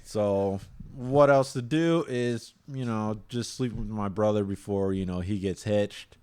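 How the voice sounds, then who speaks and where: A man with a fairly low, darkish, clean-toned voice co-hosts a casual anime review podcast at an unhurried pace. He laughs often while recapping episodes, stumbling over his words and restarting sentences.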